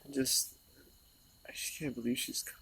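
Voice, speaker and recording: A grieving man talking in a personal vlog, halting and tearful, repeating himself and trailing off. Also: medium pitch, flat delivery, vocal fry, bright, forceful tone, slight background noise, poor audio. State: tearful, voice breaking. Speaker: vlogger.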